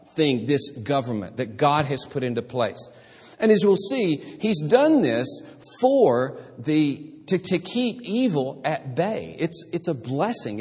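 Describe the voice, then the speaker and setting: Guy preaching a teaching sermon, kinda husky, long echo like a big church hall. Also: fairly high pitch, darkish tone. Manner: teaching, repeats and restarts words. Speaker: pastor. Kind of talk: expository sermon.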